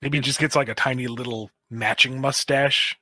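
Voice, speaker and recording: Bright-toned playful man on a podcast. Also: medium pitch, steady tone, moderate pace, no echo. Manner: playful, spins silly scenarios. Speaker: podcast host. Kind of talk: casual podcast chat.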